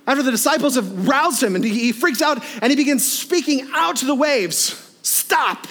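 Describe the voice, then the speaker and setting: A man preaching a sermon in a conversational, animated way, with frequent asides and tag questions to his listeners. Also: very high-pitched.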